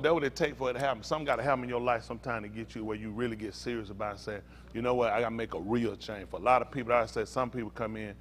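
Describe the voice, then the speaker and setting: Animated man preaching with stories. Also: medium pitch, slight background noise. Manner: animated, laughing storytelling with Southern slang. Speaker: pastor. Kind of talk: storytelling sermon.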